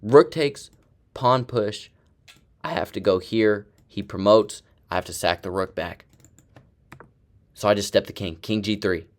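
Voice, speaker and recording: Low-voiced man narrating a chess game. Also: measured pace, long pauses. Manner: excited play-by-play, talks to himself. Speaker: chess streamer. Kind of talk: chess game recap commentary.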